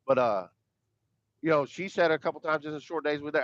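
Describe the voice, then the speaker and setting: A podcast co-host with a slightly high voice talks a little fast in casual, rambling chat, emphatic and profane and prone to repeating his words. The recording is dry, dull and lo-fi.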